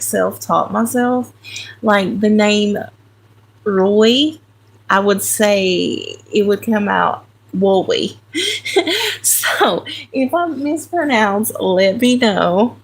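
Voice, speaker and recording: Country woman host, relaxed unhurried live chat, a touch of vocal fry. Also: medium pitch. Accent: American country. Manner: chatty, talks to viewers by name, self-correcting. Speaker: livestream host. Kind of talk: casual live chat while sorting crayons.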